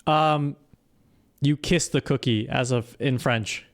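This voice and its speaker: A man streaming live, giving halting, hesitant instructions full of fillers. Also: medium pitch. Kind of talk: casual live-stream chat.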